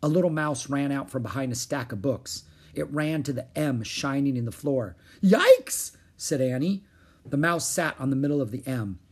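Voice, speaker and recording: A man reading a children's chapter book aloud in an expressive storytelling way. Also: medium pitch, moderate pace, slightly rough. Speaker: storybook reader.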